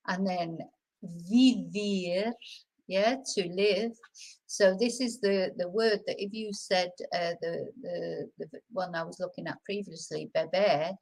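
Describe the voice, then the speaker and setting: A woman's voice: on the low side, poor audio. Chatty woman teaching pronunciation. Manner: chatty, restarts often, stretches out example words slowly. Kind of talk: live-streamed casual lesson.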